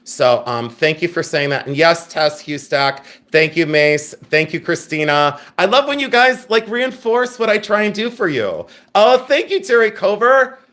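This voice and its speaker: A man's voice: a little high, lively intonation, moderate pace, hardly any pauses, a bit bright. A middle-aged man hosting a live jewelry sale, chatty and joking, thanking viewers by name as he shows items. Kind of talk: live-stream selling chat.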